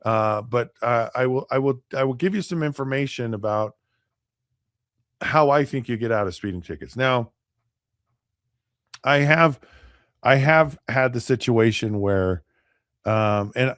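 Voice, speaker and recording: A middle-aged former NFL quarterback hosts a podcast, telling casual stories that ramble, restart often, and act out what other people said. His mid-range voice is fairly bright and unhurried, with frequent pauses, recorded dry in a clean studio.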